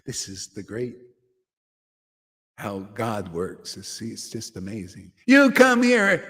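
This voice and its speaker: A man leads a devotional gathering in a lively, exclamatory way and laughs readily as he teaches. His voice sits high for a man. A long reverb trails after his words, as in a large hall. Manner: exclamatory and enthusiastic, often laughing. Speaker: devotional teacher leading a satsang. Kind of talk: informal devotional talk to a gathering.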